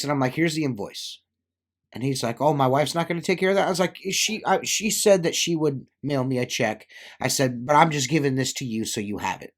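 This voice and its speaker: A middle-aged man, a window cleaner, telling a story in a loose, casual way. He rambles, piles on fillers and slips into the voices of the people he quotes. His voice sits at an ordinary middle pitch. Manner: rambling, filler-heavy, acts out quoted dialogue.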